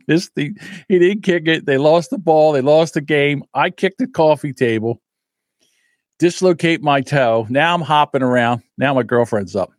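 A rowdy man hosting a casual podcast, his voice sitting fairly high. He tells stories at full tilt, swearing and laughing as he goes. The sound is dry and close, with no room around it. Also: normal speed, no echo. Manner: animated, swearing, laughs while telling stories. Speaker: podcast host. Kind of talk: casual storytelling and commentary.

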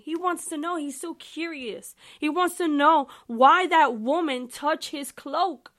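A woman's voice: sits high, a little slow, hardly any pauses. A young woman hosting a podcast, reading the Bible aloud and commenting on it in a casual, emphatic, chatty way, talking straight to her listeners. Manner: animated, emphatic and chatty, addressing listeners directly. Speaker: podcast host.

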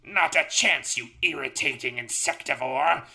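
A man's voice: mid-range voice, a little slow, gravelly, bright, forceful tone, voice pushed up, heavily acted. A man voicing a cackling, gloating mad scientist villain while reading a gamebook aloud. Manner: gloating, theatrical laughing.

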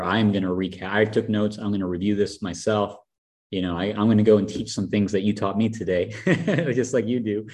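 A man's voice: low-pitched, darkish tone. A man hosting a podcast interview, enthusiastic and full of praise for his guest. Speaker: podcast host. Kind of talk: casual interview talk.

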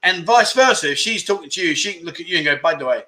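A man's voice: high-pitched, lively intonation, fast, pushed and bright. A man hosts a casual livestream, joking and chatting as he reads viewer comments aloud and asks them questions. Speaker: livestream host. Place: home in Thailand.

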